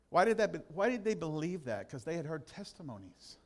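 A male pastor preaching a sermon in church, retelling Bible passages with emphatic, drawn-out stresses and touches of humor. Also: fairly high pitch, very animated.

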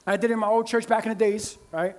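A man's voice: high-pitched, flat delivery, fast. A man preaching a sermon as pastor, in a conversational style with frequent "right?" asides to the congregation.

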